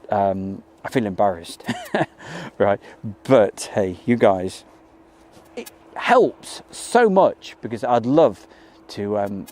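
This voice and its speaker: A man, chatting casually as he hosts a live stream outdoors and greets viewers by name. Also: lowish voice. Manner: chatty, reads out viewer names and greets them warmly. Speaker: livestream host. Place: outdoors by an airport.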